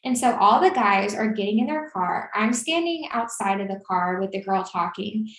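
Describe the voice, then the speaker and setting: A woman in her twenties telling a story in casual chat, acting out the voices of the people she quotes. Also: normal speed. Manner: animated, acts out quoted lines with rising pitch. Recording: roomy echo.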